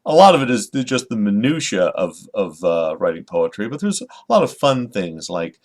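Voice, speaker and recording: A man's voice: lowish voice, very animated, normal speed, darkish tone. Rambling man explaining poetry. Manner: friendly, rambling, frequent fillers and restarts. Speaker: children's poet and teacher. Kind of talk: informal teaching talk to camera.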